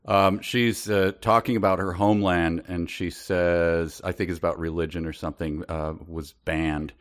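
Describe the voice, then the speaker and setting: A man's voice: low-pitched, flat delivery, moderate pace. A man from Minnesota, co-hosting a comedy book podcast and making dry, wry jokes. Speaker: podcast co-host. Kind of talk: casual comedic book discussion.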